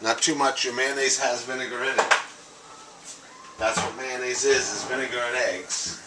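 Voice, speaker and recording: A man's voice: mid-range voice, fairly even intonation, moderate pace. A man chatting casually to viewers as he demonstrates a home recipe, talking as he works. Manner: chatty, talks to viewers as "guys" while working, with frequent restarts. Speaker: home cooking host. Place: home kitchen. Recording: noisy kitchen clatter. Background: clattering dishes, cutlery and stirring.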